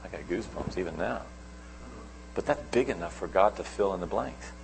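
A middle-aged man preaching a sermon, telling stories with sudden swings between loud and soft. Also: sits low, lively intonation, brisk, gravelly, slight background noise, rough recording.

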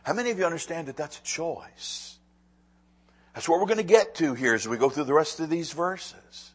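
A middle-aged man preaching a sermon as pastor, animated and swinging from loud emphasis to hushed asides, often repeating words as he speaks. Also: fairly high pitch, normal speed, breathy edge.

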